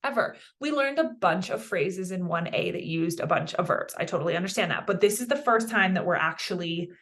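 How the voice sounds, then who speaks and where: A woman's voice: fairly low pitch, fairly quick. Chatty woman teaching a lesson. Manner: chatty, self-deprecating, animated. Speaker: Spanish teacher. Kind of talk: casual online language lesson.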